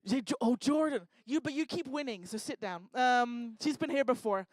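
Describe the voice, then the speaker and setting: A woman's voice: fairly high pitch, expressive, normal speed, dry recording. Woman emceeing on stage, jokey crowd work, lots of swing in her voice. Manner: teasing, joking, chatty. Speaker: event host. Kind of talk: stand-up style crowd work. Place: lecture hall stage.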